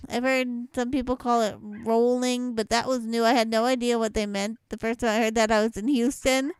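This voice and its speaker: A woman's voice: on the high side, smooth, no echo, poor audio. Chatty young woman, mild Louisiana accent. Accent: Southwest Louisiana, mild. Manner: chatty, rambling, laughs between words. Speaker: vlogger. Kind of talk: casual chat reading a word list.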